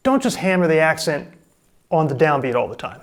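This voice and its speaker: A man teaching a drum lesson on camera, coaching calmly and step by step. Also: on the high side, a little fast, very noisy. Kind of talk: instructional video lesson.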